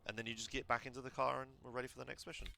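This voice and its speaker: A man casually coaching someone through a game run, relaxed and instructive, with lots of fillers. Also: medium pitch, very fast, vocal fry, slight background noise. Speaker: streamer coaching a speedrun.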